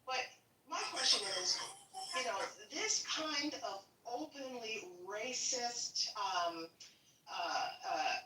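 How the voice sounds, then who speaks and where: A woman's voice: fairly high pitch, expressive, slow, bright, forceful tone. A woman panelist pressing pointed, insistent questions in a discussion. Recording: roomy, distant mic, faint noise.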